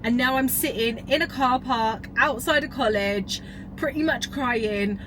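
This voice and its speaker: A woman's voice: on the high side, a little slow, background noise. A woman, talking candidly and emotionally to camera in a casual vlog. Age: 30s. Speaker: vlogger. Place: in a parked car and at the gym.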